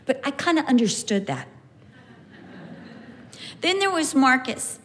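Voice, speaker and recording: A former kindergarten teacher, a woman, telling stories about her class in an animated way, acting out her pupils' voices. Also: high voice, unhurried, slight background noise. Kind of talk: personal storytelling.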